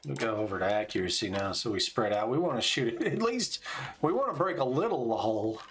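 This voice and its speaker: Medium in pitch and a bit bright, his voice moves fairly quickly with lively intonation. The speaker, a man in his forties, streams a game with laid-back, chatty commentary, calling out tactics in between stories.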